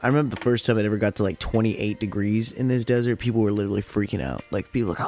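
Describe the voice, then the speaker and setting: A man's voice: lowish voice, rapid-fire, hardly any pauses, a little mellow, faint music behind. A man from the California desert hosting a podcast, telling stories in a loose, profane, rambling way, tired after work. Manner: rambling, profane, heavy use of "like". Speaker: podcast host. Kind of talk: casual storytelling chat.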